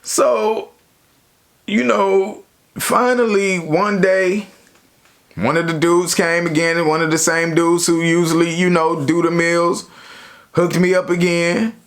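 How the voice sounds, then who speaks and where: A young man casually telling a story from his own life to his viewers, in a slangy, relaxed way. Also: on the high side, slow. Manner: slangy, relaxed, lots of "you know". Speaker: YouTuber.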